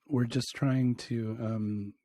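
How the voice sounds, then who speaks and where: A man co-hosting a podcast in a casual chat, with a dry, deadpan, flat delivery. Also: mid-range voice, takes it slowly, no room sound. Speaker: podcast co-host. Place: home.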